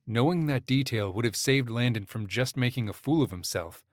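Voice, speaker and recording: This is a man's mid-range voice, recorded dry and at studio quality. He narrates a romance audiobook from a script, keeping his delivery even and measured.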